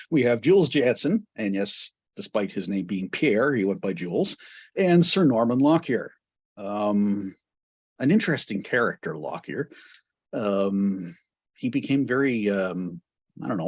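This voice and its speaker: A man's voice: on the low side, slightly rough, dry recording. A man giving an astronomy history lecture to a club, digressive and full of wry asides.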